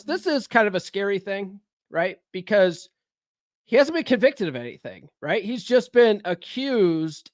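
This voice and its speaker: A man's voice: high-pitched, no room sound, clean studio sound. A man hosting a casual livestream, rambling and conversational, recovering from a cold. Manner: rambling, conversational, frequent fillers and restarts. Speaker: livestream host.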